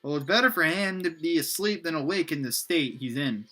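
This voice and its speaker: A man voicing a calm, caring female student in a plain, matter-of-fact reading. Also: a little high, fairly quick.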